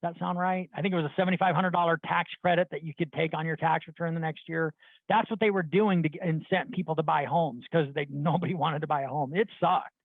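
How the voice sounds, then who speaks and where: A middle-aged man with a high voice gives a blunt motivational talk to his sales team, rambling and restarting as he goes. The sound is dry and thin, like a phone line. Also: fairly even intonation, quick pace, vocal fry, no room sound. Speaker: sales leader addressing his loan officers.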